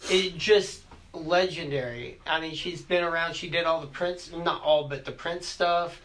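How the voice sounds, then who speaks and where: Male producer, bright and slightly high, jokey and keen, faint hiss. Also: unhurried, poor audio. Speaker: band member and producer. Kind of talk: casual chat. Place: office.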